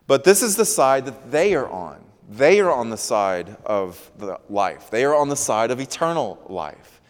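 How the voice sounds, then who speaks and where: A male preacher delivers his sermon in a smooth, resonant voice. He speaks slowly and with emphasis, turning phrases over again and again. His words ring out with the long reverb of a large hall. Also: mid-range voice. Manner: slow, emphatic, repeats key phrases.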